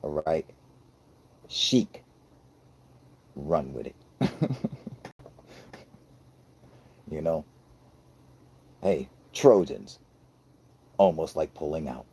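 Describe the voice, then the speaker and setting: A man's voice: rumbling low, extremely slow, pauses often, darkish tone, husky. An American man with a scratchy voice hosting a livestream, joking around with heavy swearing and frequent laughter. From United States. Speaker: livestream host reading chat. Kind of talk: casual profane banter.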